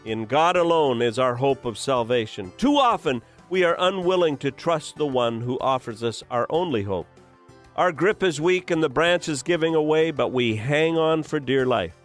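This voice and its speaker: A man, a comedian and motivational speaker, telling a humorous devotional story and leaping up in pitch when he shouts a character's lines. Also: lively intonation, moderate pace, faint music behind.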